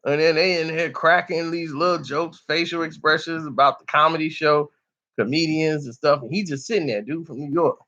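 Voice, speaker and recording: A man's voice: a little high, steady tone, brisk, bright, forceful tone, highs cut off. A man telling a story in casual street slang, loose and chatty, often tossing in "you know".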